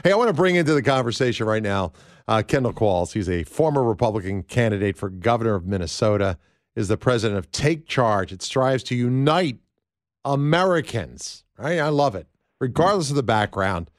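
A man's voice: medium pitch, animated, a little fast, no echo, studio quality. A man hosting a political talk show, rambling and conversational with lots of fillers.

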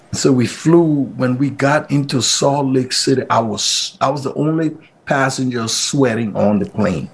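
A man's voice: medium pitch, measured pace, slightly rough. A middle-aged man from Liberia, telling his personal story as an interview guest and acting out what people said in a livelier voice. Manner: animated, acts out quoted speech in a raised voice.

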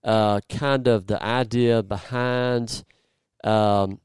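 A man's voice: fairly low pitch, fairly even intonation, drawn-out words, a little mellow, clean tone, no room sound. A man hosting a casual podcast, joking around and rambling a bit as he searches for his words. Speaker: podcast host. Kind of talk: casual podcast chat and interview.

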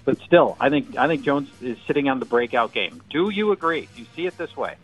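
A man's voice: mid-range voice, expressive, brisk, faint music behind, rough recording. A man talking as a fantasy football analyst on a sports radio show, joking and thinking aloud with restarts. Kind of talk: casual sports radio chat.

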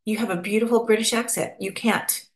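A woman's voice: medium pitch, fairly quick. An American woman from Pennsylvania, a guest chatting expressively in a casual interview. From Pennsylvania, USA. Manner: expressive, chatty, acts out little quoted voices. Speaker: podcast guest. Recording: roomy echo.

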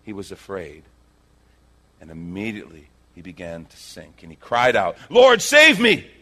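A male pastor preaching a sermon, telling the story with animated energy and acting out the characters' lines. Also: deep voice, normal speed. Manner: animated storytelling, acts out quotes.

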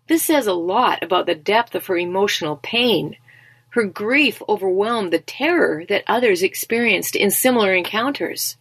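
A woman reading a scripted Bible devotional in a gentle, encouraging, measured way. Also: medium pitch, no echo. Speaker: devotional speaker.

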